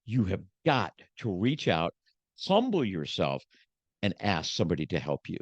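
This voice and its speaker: A man's voice: sits low, huge pitch swings, normal speed, dry recording, muffled recording. Preacher-like man telling his story. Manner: preacher-like, swinging from hushed to emphatic. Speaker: podcast guest, motivational speaker. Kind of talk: emotional personal testimony.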